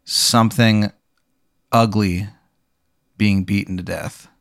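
A young man hosting a comedy podcast, telling an improvised absurd story with deadpan delivery. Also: lowish voice, slow, vocal fry, no echo, clean studio sound. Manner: deadpan, building absurd scenarios.

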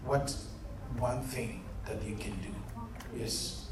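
A man's voice: mid-range voice, fairly even intonation, takes it slowly. A man leading a Bible study as an interactive sermon, earnestly quizzing his listeners and calling them "beloved". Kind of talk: interactive sermon to a youth group. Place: room set up with chairs. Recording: echoey room, mic far off, faint hum.

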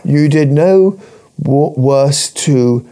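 A man's voice: on the high side, very slow, mellow. A middle-aged man from Britain co-hosting a casual comedy chat, blunt and sweary, often breaking into laughter. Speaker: podcast co-host.

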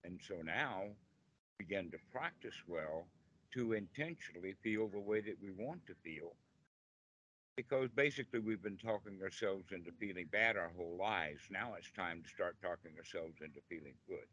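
A man's voice: deep voice, normal speed, a bit bright, husky. A man teaching Buddhist meditation in an informal talk on a video call, patient and full of small fillers, humming tunes to explain a point.

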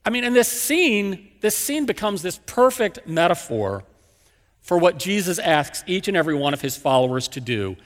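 A man's voice: high-pitched, big pitch swings, moderate pace, long reverb tail. A man preaching a sermon as a pastor, telling the story with emphatic, repeated phrases.

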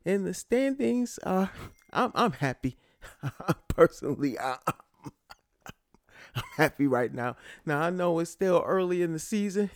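A man's voice: sits high, animated, measured pace, pauses often, no echo, studio quality. A man from Connecticut hosting a casual solo sports talk show, rambling and stammering as he goes, gloating between laughs. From Connecticut, USA. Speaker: podcast host.

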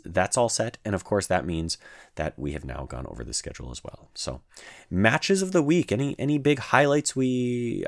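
A man with an extremely deep, low voice hosts his own podcast alone. He talks casually and rambles, restarting sentences often, and the recording is close and dry with no room sound. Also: no echo. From Canada. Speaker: podcast host. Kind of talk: solo gaming podcast monologue.

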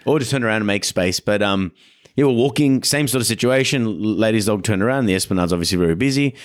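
A man's voice: on the low side, quick pace. An Australian man, a dog trainer and podcast host, chatting casually and acting out the people in his stories. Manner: animated storyteller, acts out quotes.

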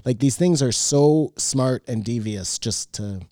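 A man with a mellow, mid-pitched voice recounting stories and firing off curious questions in relaxed conversation. The recording is dry and close to the mic. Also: a little slow, no echo. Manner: tells stories eagerly, asks curious questions. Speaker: podcast co-host. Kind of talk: casual chat.

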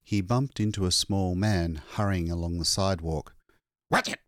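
A man reading a short story aloud as an audiobook narrator, measured and expressive. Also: deep voice, dry recording, studio quality. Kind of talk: scripted narration.

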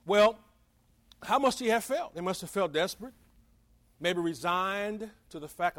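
A man's voice: high voice, expressive, unhurried, long pauses, fairly bright tone. A man preaching a sermon in a folksy, conversational way, acting out the voices of the people in his story.

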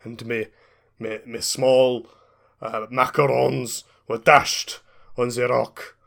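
A man's voice: mid-range voice, flat delivery, slow pace, gravelly, fairly bright tone. A man voicing a bumbling male ship captain with a Scottish accent who rambles and meanders. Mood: rambling.

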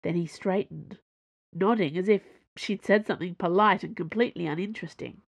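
A woman narrating a storybook in an even, measured reading. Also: fairly low pitch, vocal fry, no room sound, highs cut off. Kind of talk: audiobook narration.

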